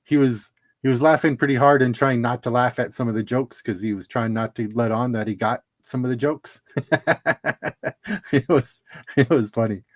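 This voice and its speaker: A man's voice: medium pitch, normal speed. A middle-aged man hosting a casual livestream, chatting and laughing at his own jokes while opening trading cards.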